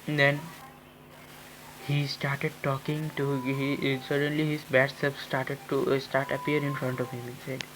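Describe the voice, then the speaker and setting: A man telling an improvised fan-fiction story in a halting way, with many restarts and fillers. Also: medium pitch, monotone, music in the background, poor audio.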